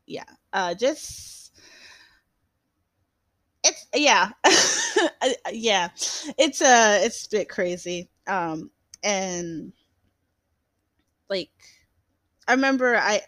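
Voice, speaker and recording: A woman's voice: medium pitch, fairly bright tone, no room sound. A young woman hosting a casual solo podcast, rambling with lots of fillers and restarts and laughing often. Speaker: podcast host.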